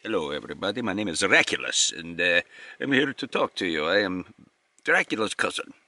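A man putting on a playful male vampire who introduces himself as Dracula's cousin, in a low, bright voice. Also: animated, fairly quick, full character voice. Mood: mock spooky.

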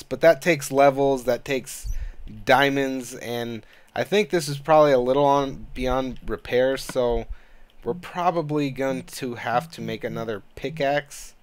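A man's voice: mid-range voice, measured pace, clean tone. Annoyed gamer dude rambling and cussing over his let's play, normal mid voice. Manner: frustrated, rambling, swears a lot. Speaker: gaming channel host. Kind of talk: casual let's-play commentary.

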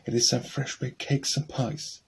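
An innocent little girl answers brightly and without fear, read aloud by a man in his own voice. The tone is gravelly and very husky, at an ordinary pitch, in a storybook poem for children. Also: level tone, unhurried, heavily acted.

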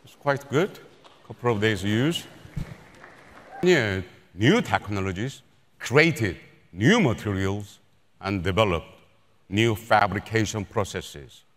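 A man presenting at a product launch keynote on a large auditorium stage, in a measured, formal stage delivery. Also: on the low side, expressive, fairly bright tone. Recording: echoey auditorium with long reverb.

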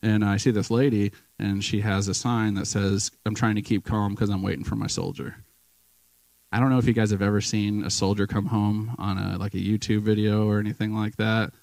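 A man's voice: lowish voice, steady tone, fairly quick, vocal fry, a little mellow, dry recording, low-quality recording. A man giving a casual, emotional sermon in a church, telling a story with lots of restarts and fillers. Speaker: guest preacher.

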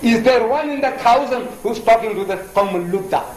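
Older male lecturer from India, fast and animated, fond of asking the crowd questions; roomy hall sound. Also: very high voice, a little hiss or hum. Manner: animated storytelling with pointed questions to the audience. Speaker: preacher. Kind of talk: public lecture.

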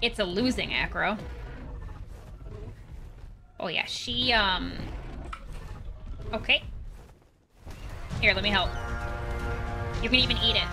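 A young woman playing a video game and commenting on it, chatty and animated, jumping between high squeals and low mutters and cooing at the creatures on screen. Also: takes it slowly, vocal fry, pauses often, over music. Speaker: gaming streamer. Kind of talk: let's play commentary.

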